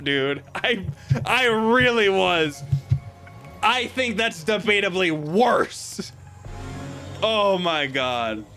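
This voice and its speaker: A man's voice: sits high, expressive, slow, sharp tone, soft background music. A young man playing a video game and ranting profanely while telling a story. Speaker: gaming streamer. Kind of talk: casual let's-play chat.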